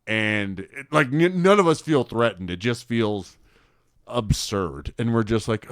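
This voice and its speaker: A young man co-hosting a podcast, chatting casually and telling an animated story, quoting people in put-on voices and laughing often. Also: medium pitch, unhurried, clear, resonant tone, no echo, clean studio sound. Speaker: podcast co-host.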